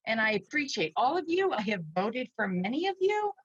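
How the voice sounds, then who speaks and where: A woman's voice: on the high side, big pitch swings, fairly quick, slightly rough, dry recording, lo-fi sound. A woman in her forties, a parent and teacher, crying as she gives an emotional public comment at a meeting. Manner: tearful, pleading, shaky.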